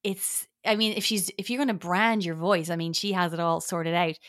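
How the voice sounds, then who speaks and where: A woman guest who does voice work, chatting animatedly with quick asides and laughs. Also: fairly low pitch, fairly even intonation, fairly bright tone. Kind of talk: casual chat.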